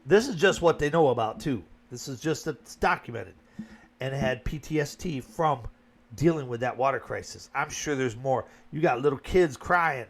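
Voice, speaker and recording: A man's voice: medium pitch, slight background noise. A man from Flint, Michigan, giving a blunt, colloquial opinion monologue as a vlogger.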